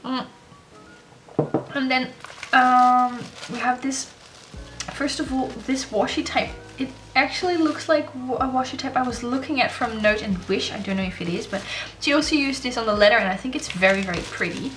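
A woman vlogger chatting casually to camera as she opens fan mail, gushing and excitable. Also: high voice, normal speed, soft background music. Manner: gushing, excitable, gasps and laughs often. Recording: echoey room with faint noise.

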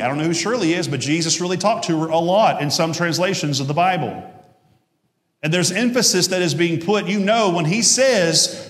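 A man's voice: on the high side, normal speed, fairly bright tone. A male pastor giving a conversational sermon with jokes, asides and self-corrections. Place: church sanctuary. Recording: echoey church hall.

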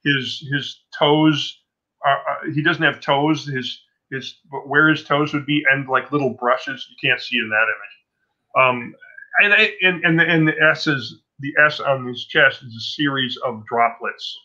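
A man's voice: medium pitch, unhurried, sharp tone. A man in his sixties, a comic book artist being interviewed, telling stories in a rambling, self-interrupting way. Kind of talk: casual interview storytelling. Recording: dull lo-fi sound.

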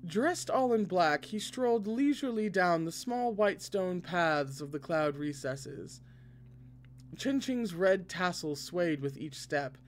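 A man reading a novel aloud expressively, now and then breaking in with excited asides. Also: sits high, slow pace, a little hiss or hum. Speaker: podcast reader.

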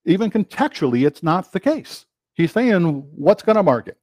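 A man preaching a sermon, quoting scripture and acting out questions and answers in lively back-and-forth. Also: high voice, normal speed, no room sound. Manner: animated, quotes scripture and acts out rhetorical dialogue.

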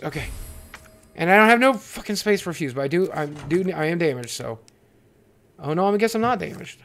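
A man's voice: on the high side, slight background noise. A young man hosting a horror game playthrough, jumpy and panicky, swearing and repeating himself over and over. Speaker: gaming video host. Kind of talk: let's play commentary.

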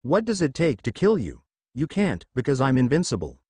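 A man's voice: mid-range voice, huge pitch swings, moderate pace, darkish tone, husky, no echo. A man voicing a boastful, stubborn knight who hurls defiant insults.

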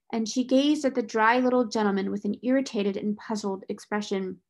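Woman reading a classic novel aloud. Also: mid-range voice. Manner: steady, expressive storytelling.

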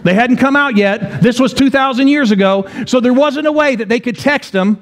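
A man's voice: very high voice, normal speed. A man in his forties preaching a sermon as pastor, telling a story with rhetorical questions and repetition. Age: 40s. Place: church.

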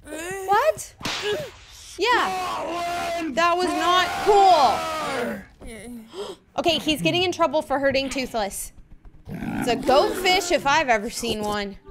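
A woman's voice: very high voice, lively intonation, slow pace, pauses often, very noisy. A woman hosting a reaction video, exclaiming, gasping and giving ratings as she reacts to clips. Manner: exclamatory, gasping, easily moved. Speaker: video host. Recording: loud clip music playing under the voice.

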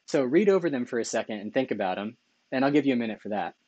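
A man's voice: medium pitch, expressive, fast, dark tone, no echo, lo-fi sound. A man teaching a math lecture over slides, enthusiastic, correcting himself often and asking "right?" as he goes. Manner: enthusiastic, self-correcting, asks rhetorical questions with "right?".

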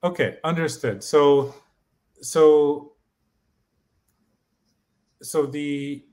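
A man learning in a casual chat, halting as he guesses meanings aloud and asks for phrases to be repeated. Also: fairly high pitch, steady tone, a little mellow. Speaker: co-host and learner.

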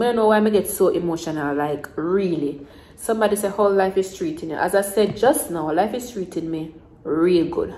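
A woman's voice: mid-range voice, moderate pace, warm tone, echoey room, poor audio. Rambling Jamaican woman in her twenties. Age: 20s. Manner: rambling and repetitive, in Jamaican Creole phrasing. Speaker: vlogger. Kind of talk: casual mukbang chat to camera.

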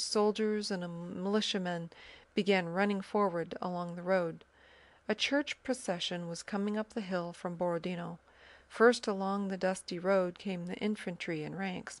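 A woman narrating a classic novel as an audiobook, in a measured, even storytelling manner. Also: lowish voice, no echo.

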